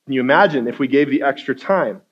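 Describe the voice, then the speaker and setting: A man giving a guest sermon in a casual, conversational way, acting out quotes and rising to loud intensity. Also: medium pitch, fast, husky, lo-fi sound. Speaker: guest speaker.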